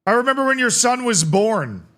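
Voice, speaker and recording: A man streaming a football management game live, reacting excitably to the match and joking with his chat. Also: very high voice, normal speed. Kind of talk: live gameplay commentary.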